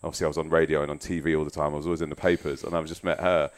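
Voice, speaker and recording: A man's voice: extremely low pitch, level tone, racing. A man guesting on a podcast, telling candid, self-deprecating stories in casual chat and swearing freely. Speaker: guest musician.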